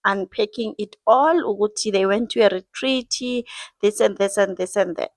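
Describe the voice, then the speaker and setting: A South African woman giving chatty, expressive gossip commentary to her viewers, switching between Zulu and English. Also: mid-range voice, normal speed, no room sound. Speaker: entertainment gossip vlogger.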